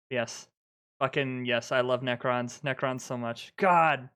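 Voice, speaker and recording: A man streaming live, reacting to a trailer with excited, swear-filled gushing like a fanboy. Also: medium pitch, a little slow, clear, resonant tone.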